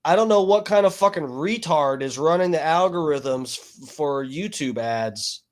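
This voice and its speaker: A man's voice: fairly high pitch, lively intonation, unhurried. Rambling, profane man streaming commentary. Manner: rambling, profane, frequent fillers. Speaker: streamer reacting to videos. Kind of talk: casual livestream commentary.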